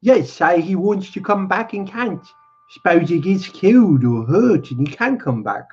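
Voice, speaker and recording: A man voicing a lonely, needling older male stable hand, drawn out and raised in pitch, on a dull lo-fi recording. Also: animated, unhurried, darkish tone, breathy edge, heavily acted.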